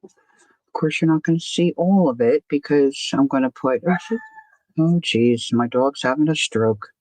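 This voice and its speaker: With an extremely low, darkish voice and a measured pace, a woman hosts a casual art journaling livestream, chatting to herself as she crafts and greeting viewers by name. There is no room sound.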